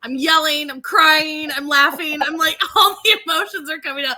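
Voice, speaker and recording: A woman's voice: high voice, steady tone, normal speed, bright, forceful tone. A woman co-hosting a reality show podcast, chatting animatedly, laughing often and restarting her sentences. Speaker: podcast co-host. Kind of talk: casual chat.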